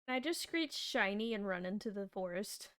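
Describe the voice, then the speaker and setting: A woman playing a tabletop game, talking in a playful, excitable, giggly way into a home microphone. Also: medium pitch, a little fast, clean tone. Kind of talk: casual tabletop role-play.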